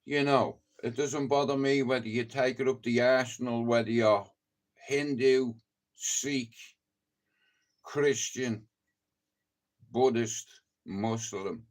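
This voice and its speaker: A man's voice: medium pitch, fairly even intonation, slow pace, long pauses. A man with a Dublin accent, rambling and swearing through a casual live-stream chat. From Ireland. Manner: rambling and heavily profane, chatty storytelling.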